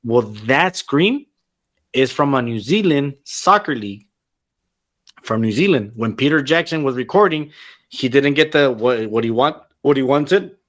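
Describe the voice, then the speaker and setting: A man of ordinary pitch hosts a loose, profane podcast chat about wrestling. He gets excitable as he goes and drops Spanish phrases into his English. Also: measured pace. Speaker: podcast host. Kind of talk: casual chat.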